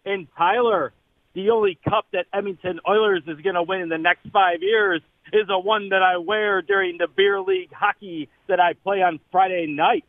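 A man's voice: high-pitched, fairly even intonation, normal speed, dry recording. A man calling in to a sports radio show with brash trash talk. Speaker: caller. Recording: tinny phone line.

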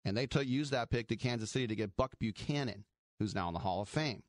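A man's voice: mid-range voice, fast, no room sound, studio quality. A middle-aged man hosting sports radio, chatting in a wry, rambling way and laughing at his own jokes. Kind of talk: casual sports talk radio.

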